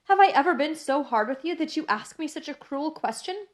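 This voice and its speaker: A woman's voice: high voice, lively intonation, fairly quick, voice pushed up. A woman reading the lines of a tearful, devoted Englishwoman in an audiobook, with emotional, pleading cries.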